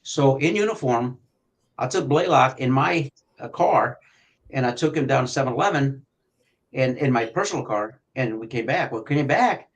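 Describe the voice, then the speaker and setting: An older man and retired detective telling police stories in a profane, animated way, acting out shouting as he goes. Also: medium pitch, moderate pace, poor audio. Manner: profane, animated storyteller who acts out shouting. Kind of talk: storytelling on a podcast.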